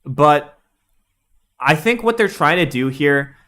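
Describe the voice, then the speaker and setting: A young man streaming a casual, excitable game analysis, rambling and laughing at his own slips. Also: fairly high pitch, takes it slowly.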